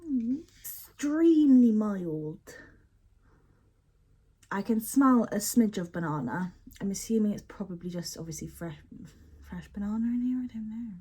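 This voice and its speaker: A woman's voice: medium pitch, lively intonation, brisk, dark tone, slightly rough. A young woman chatting casually and expressively as she unboxes and sniffs bath products, often poking fun at herself. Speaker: beauty product unboxing vlogger.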